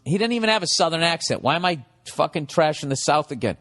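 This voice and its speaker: A man's voice: on the high side, animated, fairly quick, a bit bright, in a large hall. Man ranting profanely on a podcast. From United States. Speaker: comedian and podcast host. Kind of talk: comedic podcast monologue.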